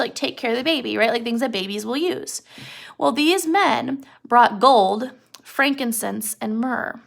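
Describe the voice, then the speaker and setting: A woman's voice: fairly high pitch, vocal fry, fairly bright tone. A young woman casually retelling a story as a lesson, chatty with frequent fillers and rhetorical questions. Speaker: teacher explaining a story.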